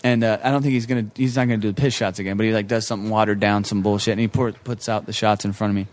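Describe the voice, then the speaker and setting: A stand-up comedian telling a story in casual chat, swearing constantly and acting out what other people said. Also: male voice, fairly low pitch, steady tone, rapid-fire.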